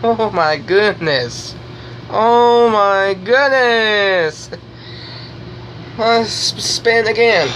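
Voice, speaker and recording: A woman's voice: medium pitch, lively intonation, drawn-out words, long pauses, a bit bright, slight background noise, low-quality recording. A woman vlogging a toy review, gushing and giggling as she repeats exclamations over and over. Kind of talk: excited toy review vlog.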